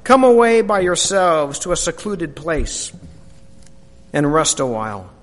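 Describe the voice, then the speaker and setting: A man voicing a calm, commanding male teacher in a slow, hushed, solemn way. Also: on the high side, pitched below the performer's own voice. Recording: long hall reverb.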